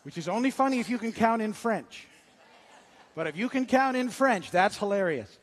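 A man's voice: high voice, animated, normal speed. A man preaching a sermon as pastor, conversational and cracking jokes between scripture readings. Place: church sanctuary. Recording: long church hall reverb.

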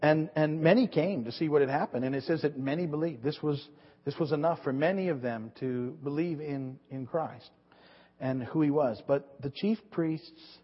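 A man preaching a sermon in a rambling way, often restarting and repeating words as he goes. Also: mid-range voice. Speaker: pastor. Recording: dull lo-fi recording with long hall reverb.

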